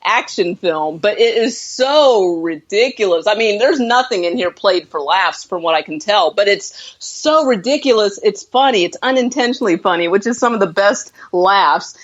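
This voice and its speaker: A woman's voice: medium pitch, normal speed, few pauses, dull audio. Laughing woman retelling a movie. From southern United States. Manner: laughing often, animated retelling with swearing. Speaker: podcast co-host. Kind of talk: casual movie review chat.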